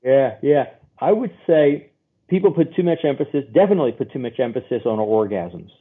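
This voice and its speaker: Man as therapist guest, easygoing and explanatory; husky, heard over a phone line. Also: mid-range voice, expressive, brisk. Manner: chatty, explains with homely examples and quoted voices. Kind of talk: podcast interview answers.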